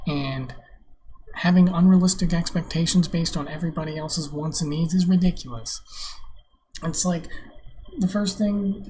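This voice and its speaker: A young man rants straight into his webcam at home, cursing freely and lecturing like he's fed up with everyone. His voice is mellow and warm rather than sharp, with a faint hiss of background noise under it. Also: fairly high pitch. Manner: blunt, profane, preachy ranting. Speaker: vlog host. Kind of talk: casual solo rant to camera. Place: home computer desk. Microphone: webcam on a monitor.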